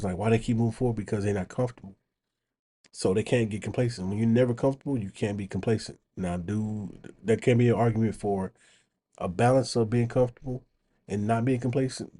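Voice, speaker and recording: A man hosting his channel, giving casual reaction commentary on video clips and getting animated when he makes a point. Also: fairly low pitch, fast.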